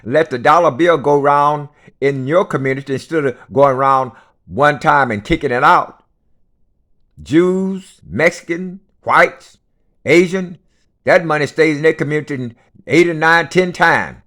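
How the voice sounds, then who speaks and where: A man's voice: on the high side, unhurried, fairly bright tone. A man delivering an unscripted rant, blunt and profane, lecturing his listeners and hammering each point home with repetition.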